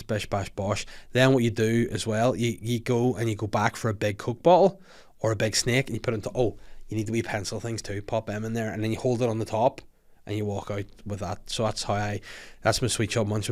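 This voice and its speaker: Rambling Northern Irish man, lowish voice. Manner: rambling, jokey, crude asides. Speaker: podcast host. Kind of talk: casual comedic chat.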